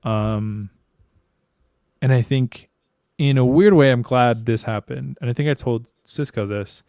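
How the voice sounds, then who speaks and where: Smooth-voiced man in candid podcast chat. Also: mid-range voice, measured pace, a little mellow, dry recording, studio quality. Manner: candid, swears freely, slangy. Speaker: podcast co-host.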